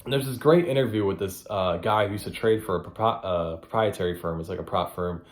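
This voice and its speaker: A man's voice: sits low, fast, echoey room. Blunt, profane man hosting a solo podcast. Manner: blunt, profane and repetitive for emphasis. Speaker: podcast host. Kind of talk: solo motivational podcast monologue.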